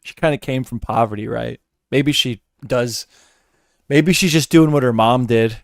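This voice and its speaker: A man's voice: medium pitch, normal speed, gravelly, dry recording, clean studio sound. A man hosting a casual reaction stream, rambling and incredulous, swearing freely. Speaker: streamer host.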